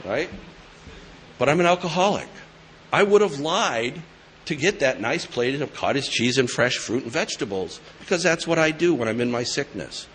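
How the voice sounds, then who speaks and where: A man's voice: mid-range voice, animated, moderate pace, fairly bright tone. New england guy telling his story to a room, mid voice, faint hum behind. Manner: conversational, joking asides. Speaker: AA speaker sharing his story. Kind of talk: storytelling talk to an audience. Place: meeting hall with live audience.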